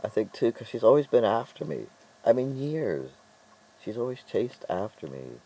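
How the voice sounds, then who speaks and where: A middle-aged man telling stories in a casual vlog monologue, rambling and halting with frequent restarts. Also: mid-range voice, very animated, mellow, slightly rough, poor audio. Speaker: vlogger.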